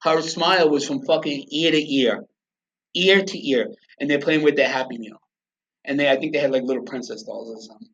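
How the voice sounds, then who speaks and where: A man's voice: fairly high pitch, a little fast, fairly bright tone, slightly rough. Blunt, profane middle-aged man on a dull recording. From United States. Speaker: podcast guest. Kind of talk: personal storytelling in an interview. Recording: dull lo-fi sound.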